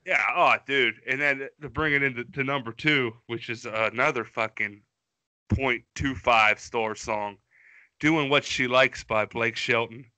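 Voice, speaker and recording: Bright, profane, mocking podcast co-host. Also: male voice, medium pitch, a little slow, dry recording. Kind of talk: casual chat.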